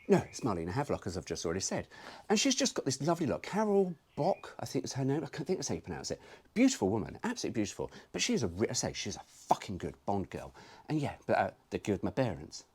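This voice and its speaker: Husky man with a lively voice. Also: lowish voice, quick pace. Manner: cheeky, sweary, jokey. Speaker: car vlogger. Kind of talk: casual chatty commentary.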